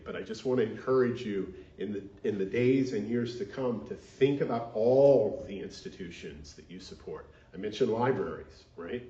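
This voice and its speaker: A male minister with a low, mellow voice preaches earnestly in a church sanctuary, leading the congregation in call-and-response. The recording sounds dull and echoey.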